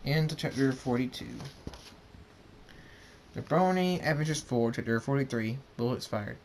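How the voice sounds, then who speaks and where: A man reads his own fan fiction aloud. His voice is mid-pitched and plain, and he often stumbles and repeats words. A faint hiss runs under the recording. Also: a little mellow. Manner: halting, with frequent repeated words. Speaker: story reader. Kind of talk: reading aloud a fan story.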